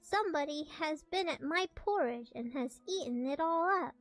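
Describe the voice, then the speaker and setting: A woman voicing a small, shrill bear cub in a storybook reading. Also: expressive, normal speed. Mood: indignant. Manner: shrill, squeaky.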